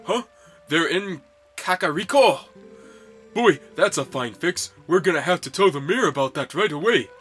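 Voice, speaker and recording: A man's voice: on the high side, animated, normal speed, a bit bright, slightly rough, soft background music, pitched above the performer's own voice. A man doing a blunt, folksy village man. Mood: worried. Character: brisk, worried village man.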